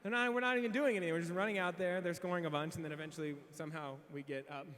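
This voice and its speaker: A young man telling a funny, self-mocking story in a farewell speech as a student officer, in an animated, quick comic way. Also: sits high. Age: young adult. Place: large convention hall. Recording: reverberant hall sound.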